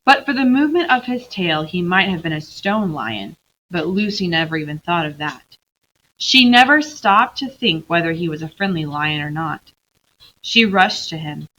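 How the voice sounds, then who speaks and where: A woman teacher reading a novel aloud to her class, expressive, pausing to quiz the students. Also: fairly low pitch, poor audio.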